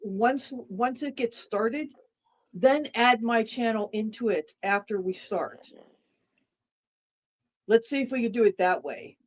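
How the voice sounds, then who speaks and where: A woman's voice: on the high side, slow, pauses often, poor audio. A woman co-hosting a casual livestream chat, rambling and repeating herself while she eats dinner. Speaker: livestream co-host.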